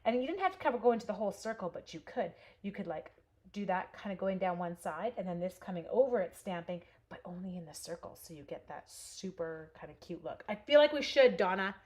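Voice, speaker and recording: A woman's voice: medium pitch, expressive, a little fast, a little mellow. A woman hosting a live craft demonstration. She chats casually with her viewers as she works and answers their comments. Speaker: host demonstrating card stamping. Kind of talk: live craft demo with chat.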